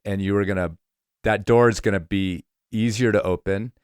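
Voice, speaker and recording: Male podcast host with a lowish, dry-miked voice, casual and emphatic. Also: fairly even intonation, moderate pace, clear, resonant tone, dry recording. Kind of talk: casual interview chat.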